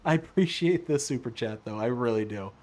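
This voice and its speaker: A man's voice: medium pitch, brisk. A man live-streaming a farming game, chatting casually with his viewers, often laughing and answering their messages. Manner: animated, laughs often, talks to chat. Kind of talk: casual live-stream chat while playing.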